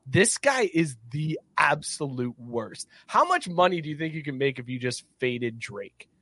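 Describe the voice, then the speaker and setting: A man hosting a sports podcast in casual chat, his voice sitting a bit high. He keeps the talk moving between topics and laughs often. The sound is dry and close. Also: big pitch swings, measured pace, a bit bright, no echo. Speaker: podcast host.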